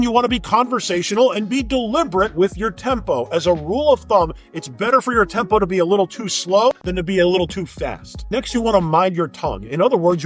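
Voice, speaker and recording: A man working as a sales trainer, giving an upbeat, emphatic and conversational lesson to camera. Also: high voice. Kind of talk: instructional talk to camera.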